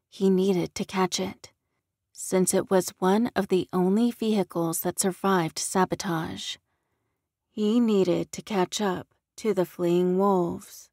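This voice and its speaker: A woman narrating an audiobook in a calm, measured storytelling manner. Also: lowish voice, no room sound, studio quality.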